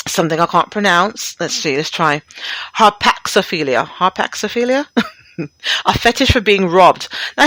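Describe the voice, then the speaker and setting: A woman's voice: medium pitch, a bit bright, no echo. A middle-aged woman hosting a talk radio show, chatting bluntly and profanely and laughing often as she reads and riffs.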